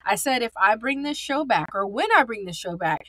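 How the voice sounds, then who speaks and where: A woman's voice: on the high side, animated, brisk, a bit bright, dry recording, poor audio. A woman of forty hosting a solo podcast, talking in a candid, upbeat and conversational way straight to her listeners. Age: 40s. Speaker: podcast host.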